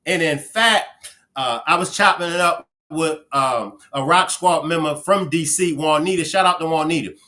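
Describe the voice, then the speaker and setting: A man from Baltimore with a Baltimore accent, hosting a casual livestream and chatting with viewers as he gives shout-outs. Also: on the high side, moderate pace. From Baltimore, Maryland. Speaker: livestream host.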